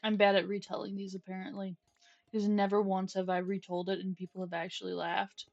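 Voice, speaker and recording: Her mid-range voice has a completely flat delivery, a little fast, with vocal fry and no room sound. The young woman chats casually while gaming on stream, rambling through stories, restarting often, and cooing softly at her pet. Faint music plays behind her dull lo-fi stream mic.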